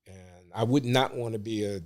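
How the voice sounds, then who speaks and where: Deliberate older man, podcast guest. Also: lowish voice, darkish tone. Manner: deliberate, measured, hesitant with "uh". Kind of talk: casual podcast interview.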